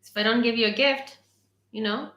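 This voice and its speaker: A woman's voice: a little high, fairly even intonation, normal speed, a bit bright, reverberant. A young woman from Ukraine with an American accent, chatting playfully with viewers as a livestream host. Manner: chatty and playful, reads comments aloud. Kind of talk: casual livestream chat answering viewers.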